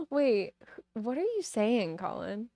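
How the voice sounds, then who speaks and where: A woman's voice: on the high side, vocal fry, darkish tone, dry recording, studio quality. A young woman streaming live, chatting with her viewers between giggles and reading a novel aloud. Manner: giggly, chatty, reacting to chat messages. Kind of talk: casual live-stream chat with book reading.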